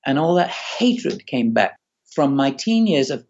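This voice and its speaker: An older man from Manchester with a Manchester accent, a guest telling animated stories with laughter over a video call. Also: mid-range voice, measured pace, breathy edge. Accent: Manchester English. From England, Manchester. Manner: animated, laughing, acts out voices. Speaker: guest musician. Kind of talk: storytelling in a podcast interview. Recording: dull lo-fi Skype call.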